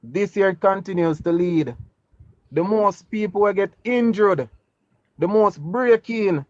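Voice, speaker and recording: A man's voice: high-pitched, animated, slow pace, darkish tone, no room sound, highs cut off. A man with a Jamaican accent arguing politics in a heated call-in debate, combative and repetitive, slipping into Patois. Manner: combative, repeats himself, Jamaican Patois phrasing. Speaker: political caller.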